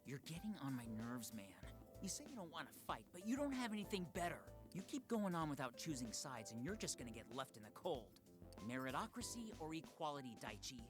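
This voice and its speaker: A woman's voice: sits low, very animated, a little fast. A woman voicing an impatient, scornful young fighter who talks bluntly, heard faintly from a game with music. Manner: blunt, taunting.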